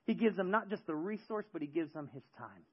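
A man preaching a sermon, moving from hushed storytelling to loud, emphatic preaching, with joking asides. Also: sits high, lively intonation, fairly quick, breathy edge, muffled recording. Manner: joking, self-deprecating asides. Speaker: pastor.

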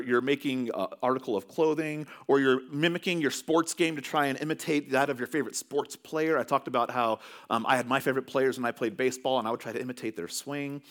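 A man's voice: mid-range voice, a bit bright. A man from California preaching a sermon as pastor, telling stories in a loose, conversational way with many restarts.

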